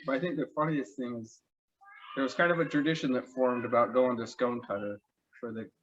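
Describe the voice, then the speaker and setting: A man's voice: medium pitch, steady tone, fairly quick, a bit bright, a little hiss or hum. A man casually telling fond, funny stories about a friend, rambling and laughing as he goes, on a dull lo-fi recording. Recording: dull lo-fi mic.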